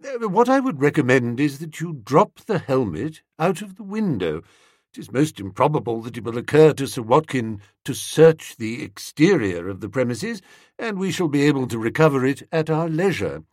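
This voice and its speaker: A man's voice: mid-range voice, big pitch swings, a little mellow, no room sound, studio quality. A man doing an unflappable, deferential valet. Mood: composed. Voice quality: measured, deferential, precise. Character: formal, unflappable male valet. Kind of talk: audiobook character voice.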